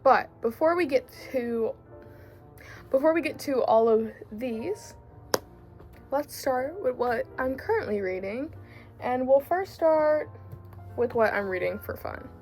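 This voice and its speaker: A woman's voice: high-pitched, expressive, slow, long pauses, darkish tone, faint music behind. A woman in her late teens with a Southern US country accent, chatting casually in a rambling way, full of fillers and self-corrections, as a book vlogger. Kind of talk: casual chat.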